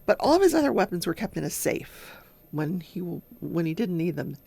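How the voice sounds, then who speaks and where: Chatty older woman with gravelly voice. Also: fairly low pitch, very animated, normal speed, a little mellow, no echo. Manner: chatty storyteller who acts out quotes. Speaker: crafting talk show host. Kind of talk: casual trial recap.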